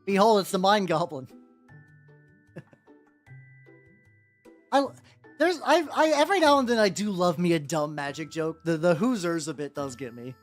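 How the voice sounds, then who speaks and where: Over faint background music, a miniature painting streamer talks at normal speed in an animated, medium-pitched voice with long pauses. The live chat rambles, packed with fillers and restarts.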